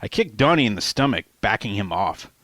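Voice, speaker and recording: A man's voice: lowish voice, sing-song, a little fast, fairly bright tone, no echo. A man reading his own novel aloud as an audiobook, in a casual, conversational manner with slang. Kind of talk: audiobook narration.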